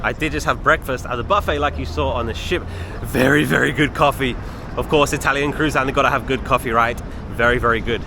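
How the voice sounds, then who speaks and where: With a mid-range voice, fairly even intonation, quick delivery and some vocal fry, this young travel vlogger talks straight to his audience. He walks outdoors through the city, filming on a handheld camera, chatty and easygoing, while faint traffic and street noise plays behind him.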